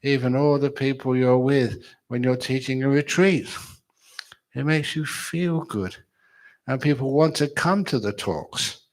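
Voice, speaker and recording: A man giving a chatty, humorous dharma talk at a retreat, telling stories and laughing with his audience. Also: mid-range voice. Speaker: meditation teacher.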